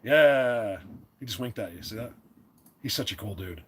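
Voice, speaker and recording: A man hosting a live stream, chatting casually and rambling, often clearing his throat and restarting his sentences. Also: medium pitch, very animated, a little fast, a little hiss or hum.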